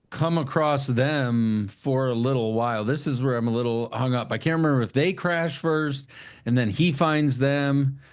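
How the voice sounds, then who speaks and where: Man, podcast host, casual chat, swearing a lot, lively storytelling. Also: mid-range voice. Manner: profane, animated storytelling.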